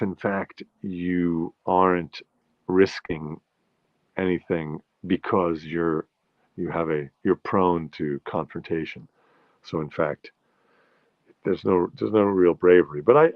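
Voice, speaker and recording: This is a show host from New York speaking in a deep voice as he runs a live-stream chat, meandering through stories with frequent restarts and answering viewers. The audio is dry and muffled.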